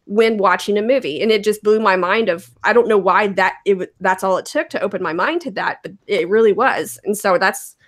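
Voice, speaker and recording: A woman's voice: mid-range voice, a little fast, few pauses, fairly bright tone. Earnest chatty woman guest. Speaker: guest, ministry founder. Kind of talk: casual interview chat.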